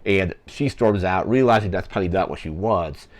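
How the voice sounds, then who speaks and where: A man's voice: low voice, moderate pace. A young man hosting a podcast, casually recapping a film plot in a rambling way, full of "like" fillers. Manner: rambling, heavy use of "like" fillers. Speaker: podcast host.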